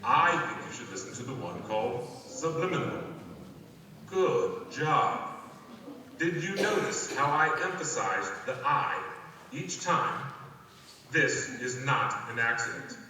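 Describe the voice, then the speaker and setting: A man playing a calm, secretive guide. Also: mid-range voice, heavily acted. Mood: calm, instructive. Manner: measured, deliberate, hypnotic instruction. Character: calm, secretive male guide giving instructions. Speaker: phone play narrator. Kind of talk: scripted audio play monologue. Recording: echoey hall, voice from far off, faint ambience.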